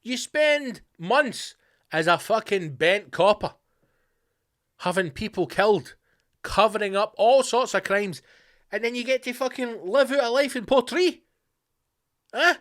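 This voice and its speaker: A man's voice: extremely high pitch, animated, unhurried, long pauses, fairly bright tone. A Scottish man hosting a podcast, delivering a sweary, sarcastic comedic rant. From Scotland. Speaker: podcast host.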